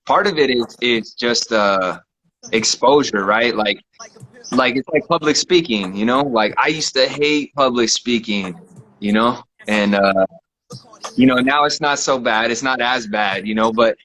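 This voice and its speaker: A man hosting a casual chat from his living room, relaxed and laughing often, with lots of fillers. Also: mid-range voice, a little slow, low-quality recording. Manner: laid-back, laughs often, many fillers. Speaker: host.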